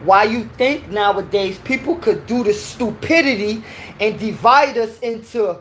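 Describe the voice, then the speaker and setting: A woman's voice: medium pitch, measured pace, a little hiss or hum. A woman from New York with a New York accent, giving a heated, preachy opinion rant and repeating her points.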